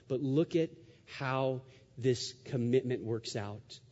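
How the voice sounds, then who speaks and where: A man's voice: medium pitch, measured pace, warm tone. A man preaching a sermon as pastor, emphatic, with rhetorical questions and repeated phrases. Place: church sanctuary. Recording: dull sound with long hall reverb.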